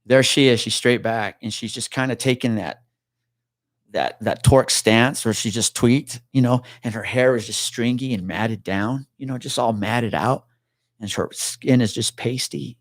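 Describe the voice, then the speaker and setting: Middle-aged man, retired cop, casual storytelling, lively and profane, dry close sound. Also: medium pitch, normal speed, no echo. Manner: animated, swearing, acts out quoted voices. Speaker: retired police officer, podcast guest.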